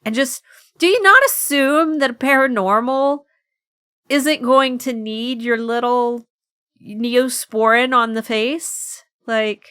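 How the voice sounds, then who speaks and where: A woman's voice: a little high, slow, bright, forceful tone, clean tone, no echo, clean studio sound. A woman co-hosting a podcast in casual, giggly chat with frequent restarts. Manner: giggly, chatty, with many restarts. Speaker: podcast co-host.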